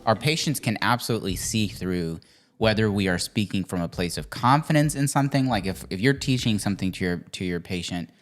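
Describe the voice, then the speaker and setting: A young adult man co-hosting a casual podcast chat, rambling and restarting, animated at times. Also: lowish voice, brisk. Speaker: podcast co-host.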